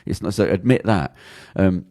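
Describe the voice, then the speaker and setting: A man's voice: low voice, moderate pace, warm tone. A man with a British accent, talking bluntly and swearing a lot as he rambles through a casual podcast chat. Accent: British English. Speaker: podcast host.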